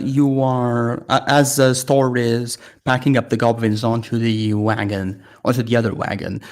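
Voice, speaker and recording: A man narrating a tabletop game as game master, talking quickly with many restarts. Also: mid-range voice. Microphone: headset or desk mic with voice filter.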